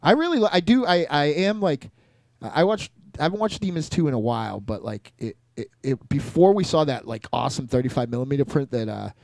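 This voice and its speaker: A man's voice: a little high, animated, a little fast, creaky, a little mellow, dry recording, clean studio sound. A man co-hosting a podcast, chatting casually in a rambling way with many fillers and restarts. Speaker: podcast co-host. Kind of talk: casual chat.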